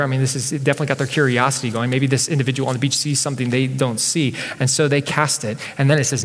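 Male pastor, conversational sermon delivery, lifts his energy on scripture readings; long hall reverb. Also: a little high. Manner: conversational, reads scripture aloud with rising energy.

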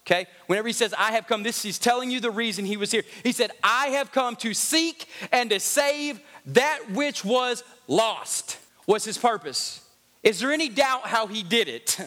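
A man's voice: sits high, sharp tone. A male pastor, preaching a sermon with rising fervor and sung, chanting cadences, recorded in a large reverberant hall.

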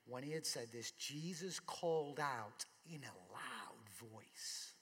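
A man's voice: medium pitch, slow, a bit bright, slightly rough, long reverb tail. A man preaching a sermon in a conversational way, asking rhetorical questions. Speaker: pastor.

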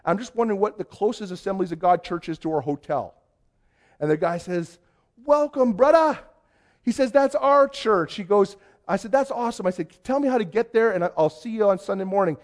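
A Canadian youth pastor telling a story in a sermon, acting out the voices of the people in it. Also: male voice, sits high, quick pace. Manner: animated storyteller, acts out quoted voices.

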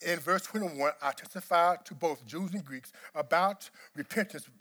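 At normal speed, a male pastor preaches, alternating between quiet, low tones and shouted emphasis, and repeating words to press his points.

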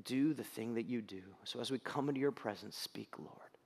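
A man preaching a sermon as pastor, earnest and building to emphatic peaks before a quiet prayer. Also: medium pitch, normal speed, vocal fry, slight background noise. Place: church sanctuary. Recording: reverberant hall.

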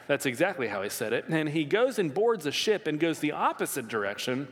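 Storytelling pastor in an echoing hall. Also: male voice, normal speed. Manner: lively storytelling with wide pitch swings. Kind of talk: sermon. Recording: long reverb of a hall.

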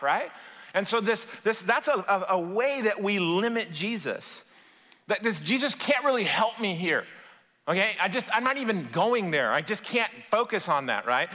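A man preaching as a pastor, telling a personal story in a lively, conversational way and addressing the congregation directly. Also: sits high. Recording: long hall reverb.

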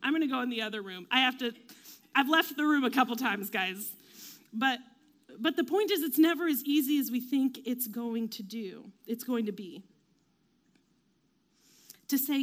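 A woman speaks in a relaxed, chatty way, sharing reflections with plenty of fillers and restarts. Her voice sits a little high. She slips into quick, animated mini-impressions of other people as she talks. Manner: chatty, self-deprecating, many fillers; quick, animated acted-out quotes. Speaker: devotional speaker. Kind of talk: casual faith talk.

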